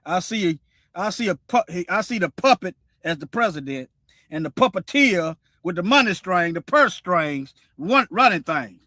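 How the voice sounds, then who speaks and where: Animated high-voiced man preaching on a stream. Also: normal speed, dry recording, clean studio sound. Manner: preachy, repeats himself, animated. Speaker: livestream host. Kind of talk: casual commentary livestream.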